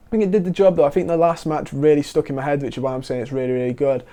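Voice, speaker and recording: A man giving a casual, animated wrestling review as host, quoting wrestlers in quick asides. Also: on the high side.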